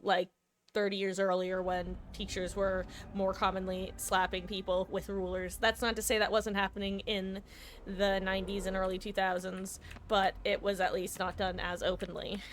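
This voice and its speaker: A woman's voice: medium pitch, little pitch movement, moderate pace, a little hiss or hum. A woman in her thirties chatting casually while streaming a game, rambling with lots of ums and likes. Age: 30s. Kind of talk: casual live-stream chat while gaming.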